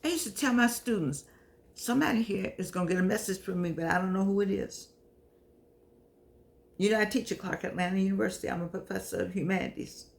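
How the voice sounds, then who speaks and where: An older woman speaks straight to her viewers in a heartfelt, preachy monologue. Her voice has a gravelly, creaky texture at a middle pitch. She keeps repeating her points, calls on the Lord, and sounds close to tears. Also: fast. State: teary. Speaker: show host and humanities professor. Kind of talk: casual heartfelt monologue to camera.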